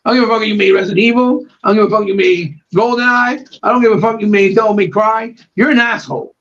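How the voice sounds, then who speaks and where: High-voiced man ranting, dull lo-fi sound. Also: fairly even intonation, fast talker, fairly bright tone. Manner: profane, fired-up, ranting. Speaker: podcast co-host. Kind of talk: heated casual podcast rant.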